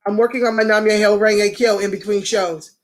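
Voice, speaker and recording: A woman's voice: mid-range voice, fairly even intonation, a little fast. A woman hosting a casual livestream, talking straight to viewers and greeting commenters by name. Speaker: livestream host.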